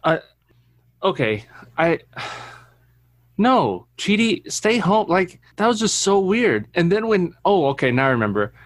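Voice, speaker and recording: A man co-hosting a podcast in casual chat, a father telling lively, profane stories about his toddler. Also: high voice, slow. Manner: profane, animated anecdote-telling. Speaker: podcast co-host.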